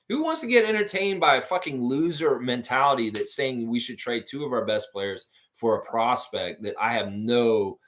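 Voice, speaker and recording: A man hosts a casual fan livestream, reacting to viewer comments. He talks bluntly and swears freely. His pitch swings widely as he speaks. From Canada. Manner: animated, blunt and profane. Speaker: host of a basketball fan livestream. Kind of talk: casual live-stream chat reading comments.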